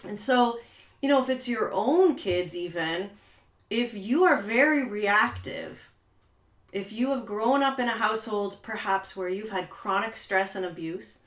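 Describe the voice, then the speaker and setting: Terapeuta mulher, fala solta, sala com eco. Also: female voice, mid-range voice, a little slow. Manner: conversational, many "you know" fillers, acts out quoted voices. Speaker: trauma therapist. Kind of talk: talking-head coaching video. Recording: roomy echo.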